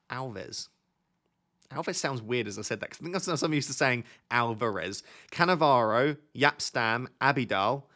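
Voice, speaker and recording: A man's voice: medium pitch, sharp tone. A young man hosting a casual live stream, joking and reading out viewer comments. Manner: joking, reads chat aloud. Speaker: FPL streamer.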